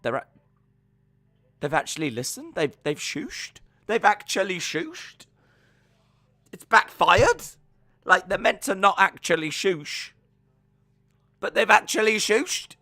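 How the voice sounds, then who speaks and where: A man's voice: high voice, very animated, brisk, pauses often, no echo, clean studio sound, pitched above the performer's own voice. A man putting on the voice of an older male wrestling boss who stammers in flustered disbelief.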